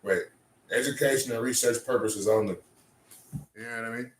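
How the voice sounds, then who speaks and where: A man's voice: mid-range voice, fairly even intonation, normal speed, slight background noise. A man doing rambling livestream banter, crude and trash-talking, answering his chat. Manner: sings off-key bursts of a ballad.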